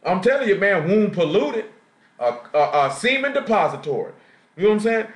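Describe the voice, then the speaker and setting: Pitched high and swinging widely up and down, this man's voice moves fairly quickly as he delivers a slangy, street-talk sermon and keeps asking the congregation questions. He speaks with a Jacksonville, Florida Southern accent, captured on a live stream in an echoey church assembly room.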